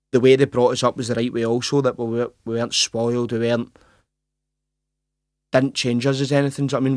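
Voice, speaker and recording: Recorded close and dry, this clip has a Glaswegian professional boxer in his twenties chatting as a guest in a casual interview. His delivery is fast and earnest, full of restarts and repeated "mate," on a flat, narrow pitch. He is from Scotland.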